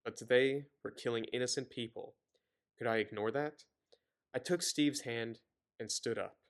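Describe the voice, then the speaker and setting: A man's voice: mid-range voice, a little slow. A man casually reading a novel aloud and breaking off for exasperated, sarcastic commentary, stumbling and rambling as he goes. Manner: exasperated, sarcastic asides between read passages; loose, rambling, stumbles over words.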